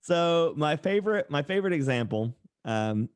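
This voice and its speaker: An animated man from East Tennessee, with a mostly faded Southern American accent, tells sarcastic stories as a podcast guest in a casual interview, acting out the people he quotes. A tattoo artist and streamer, he has a clear, resonant voice on the high side at normal speed, with no echo.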